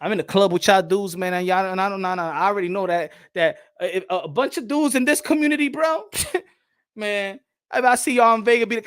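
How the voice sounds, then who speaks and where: A man's voice: high voice, fairly quick, fairly bright tone. A man hosting a boxing channel, delivering a heated, profane rant at his viewers with mocking impressions.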